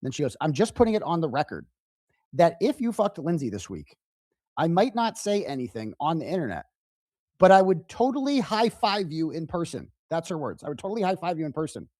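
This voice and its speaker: Male streamer host, reacting live, indignant, lively delivery. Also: on the high side, a little fast, dry recording, clean studio sound. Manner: animated, indignant retelling. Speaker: livestream host.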